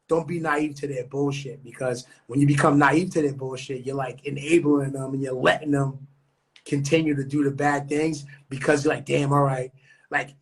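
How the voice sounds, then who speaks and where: Young guy from new york, gravelly husky voice, cussing a lot, street slang, kinda high. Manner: slangy, profane, street talk. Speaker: podcast co-host. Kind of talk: casual podcast chat.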